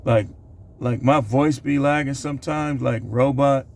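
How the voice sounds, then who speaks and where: A man with a gravelly, fry-edged voice at an ordinary pitch talks straight into his own camera. He rambles casually through a countdown list, padding it with fillers and side remarks. It sounds like a home vlog monologue. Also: unhurried. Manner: loose, rambling delivery with many fillers. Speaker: channel host. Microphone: camera recording himself.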